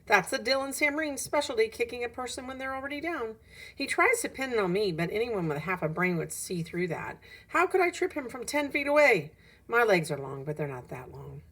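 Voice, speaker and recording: Husky-voiced woman reading a children's story. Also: fairly high pitch, a little fast. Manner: lively, animated storytelling with rising emphasis. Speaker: audiobook reader. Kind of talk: expressive reading of a children's novel.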